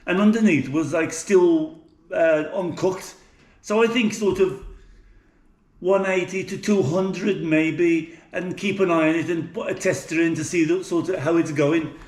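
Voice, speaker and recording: This middle-aged Englishman, a cooking vlogger with an English accent, chats casually in his home kitchen, full of fillers and restarts. His voice is a little high and unhurried, and the room is echoey.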